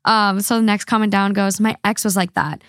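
A woman's voice: mid-range voice, fairly even intonation, a little fast, fairly bright tone, no room sound, studio quality. A woman hosting a podcast, a little drunk, rambling through online comments with lots of fillers and slips. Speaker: podcast host. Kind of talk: casual chat reading online comments.

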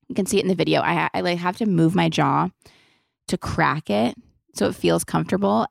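A woman's voice: fairly low pitch, vocal fry, no echo, studio quality. A young woman hosting a casual podcast Q&A, chatty and loose, swearing freely and saying "like" a lot. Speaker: podcast host. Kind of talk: casual Q&A chat.

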